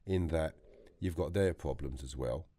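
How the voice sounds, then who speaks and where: A man with a London accent, a podcast guest telling animated prison stories, acting out other people's voices and swearing freely. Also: rumbling low, a little slow. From England. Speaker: interview guest. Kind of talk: storytelling interview. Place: podcast studio.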